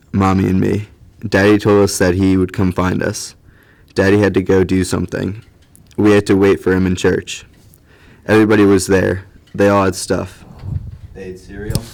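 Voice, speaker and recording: A man voicing a grown woman who recounts a disaster in simple, halting, childlike sentences. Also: low-pitched, vocal fry, darkish tone, full character voice. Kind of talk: audio drama acting.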